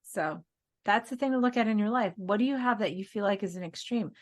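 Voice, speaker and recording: A woman's voice: mid-range voice, a little fast. A woman co-hosting a casual spiritual podcast, telling stories in an earnest way and laughing now and then. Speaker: podcast co-host.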